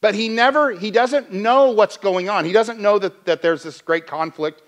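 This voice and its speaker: A male pastor giving a sermon in a church, in a conversational, animated way with many restarts. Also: high-pitched, moderate pace.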